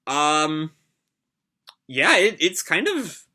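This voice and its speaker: A man hosting a manga reaction, reading chapters aloud and pausing to comment with hesitant, reflective asides. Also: fairly high pitch, big pitch swings, bright, forceful tone. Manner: hesitant, lots of fillers and restarts, reflective.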